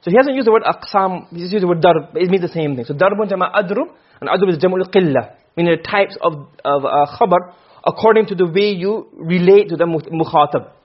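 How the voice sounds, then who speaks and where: A man's voice: high-pitched, a little fast, slightly rough. A man teaching a lesson in Arabic rhetoric, explaining step by step and often checking that his students follow. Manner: acts out short quoted exchanges. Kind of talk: classroom lecture. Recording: dull lo-fi classroom recording.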